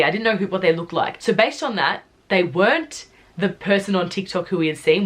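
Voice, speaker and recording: A young woman from Australia in a casual storytime vlog, retelling events in a chatty, animated way full of filler words. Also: on the low side. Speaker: YouTuber telling a story.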